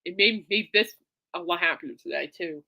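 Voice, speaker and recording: A woman hosting her own podcast, rambling excitedly in a casual monologue full of fillers and restarts. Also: on the low side, normal speed, vocal fry. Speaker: podcast host.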